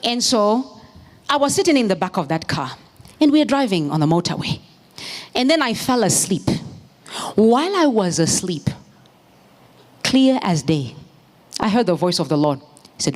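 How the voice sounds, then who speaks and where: A woman preaching a sermon in church, moving from storytelling into fervent, shouted exhortation. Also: mid-range voice, very animated, measured pace, long pauses. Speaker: pastor's wife preaching.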